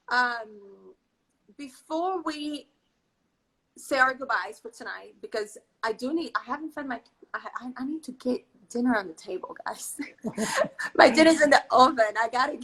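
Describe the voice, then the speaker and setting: Woman, high voice, bright and sharp, effusive live-stream host, video call. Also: low-quality recording. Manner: effusive, reads out viewer comments. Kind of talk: casual live-stream chat.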